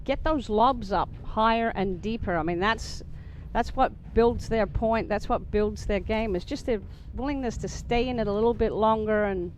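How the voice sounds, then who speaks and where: A woman's voice: a little high, a little mellow, a little hiss or hum. A woman giving chatty, emphatic sports commentary as a former player. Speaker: color commentator.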